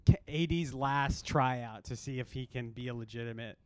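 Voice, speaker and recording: A man's voice: mid-range voice, normal speed, clean tone, no room sound. A man co-hosting a podcast, chatting casually about basketball, rambling with frequent restarts and laughter. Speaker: podcast co-host. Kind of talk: casual sports chat.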